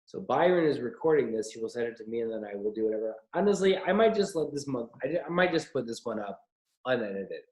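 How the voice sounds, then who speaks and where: A man's voice: mid-range voice, animated, quick pace, darkish tone. A man hosting a casual late-night chat show, joking and rambling in a self-mocking way. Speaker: host. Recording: roomy echo.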